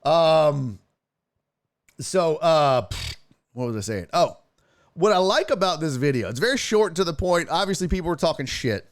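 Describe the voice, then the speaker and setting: A man hosting a casual streamed sports talk show, profane and excitable, chatting with his viewers. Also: a little high, normal speed, long pauses, dry recording, studio quality. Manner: profane, excitable, talks to chat.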